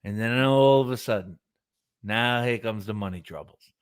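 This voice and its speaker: A middle-aged man co-hosting a casual live stream tells animated stories, swearing freely and mimicking other people. His voice is fairly low, smooth, and delivered at a normal speed.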